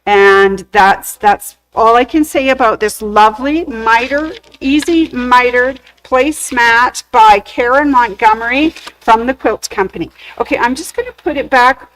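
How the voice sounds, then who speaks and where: A woman's voice: a little high, measured pace, few pauses, a bit bright, poor audio. A woman hosting a sewing shop's live show, gushing over craft samples and telling corny jokes in casual chat.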